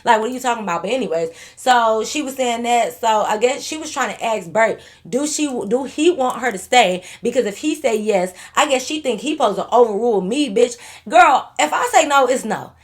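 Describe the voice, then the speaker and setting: A young woman vlogger bluntly telling a storytime tale, animated and full of profanity. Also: on the high side, fairly quick, few pauses. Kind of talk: storytime vlog.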